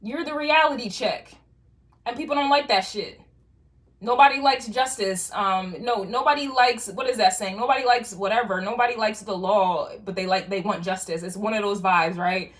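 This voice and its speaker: A woman's voice: medium pitch, normal speed, a bit bright. A woman giving a casual tarot reading to viewers, talking in loose streetwise slang with frequent swearing and rambling restarts. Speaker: tarot reader.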